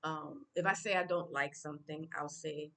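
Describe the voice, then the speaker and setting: Low-voiced woman vlogging casually. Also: steady tone. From United States. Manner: unscripted, halting with many fillers and restarts; speaks Swahili phrases louder and higher. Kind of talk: casual vlog talk.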